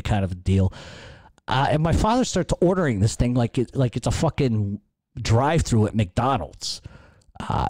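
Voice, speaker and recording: A man's voice: mid-range voice, expressive, a little fast, warm tone, no echo. A man hosting a podcast, telling a rambling, profanity-laced story. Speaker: podcast host. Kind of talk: casual storytelling.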